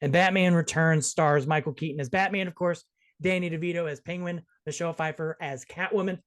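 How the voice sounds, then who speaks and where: A man hosting a casual movie review podcast, joking and talking in quick bursts with restarts. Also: a little high, steady tone, fairly bright tone. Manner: jokey, quick, restarts often. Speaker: podcast host.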